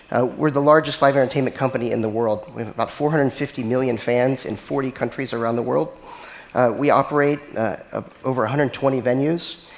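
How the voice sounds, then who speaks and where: A man speaking at a mid pitch, giving a conference keynote as a technology executive. His delivery is casual and conversational, dotted with filler words. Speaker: chief technology officer giving a conference talk.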